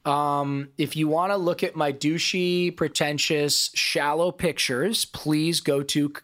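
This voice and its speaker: A middle-aged man from Ohio, a podcast guest telling stories in an emphatic, profane, animated way. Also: fairly high pitch, slow pace. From Ohio, USA. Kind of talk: casual storytelling interview.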